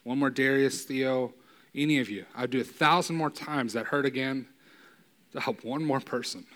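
A man's sermon sounds conversational and casual, delivered at normal speed in a mid-range voice. He often asks "right?" as he builds toward loud, emphatic peaks.

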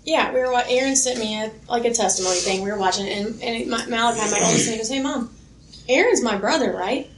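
A woman's voice: a little high, fairly even intonation, very fast, hardly any pauses, crowd noise. Woman sharing stories in an echoey room. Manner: heartfelt, storytelling, laughs easily. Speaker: youth ministry speaker. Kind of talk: workshop talk. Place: conference room. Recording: echoey room with faint ambience.

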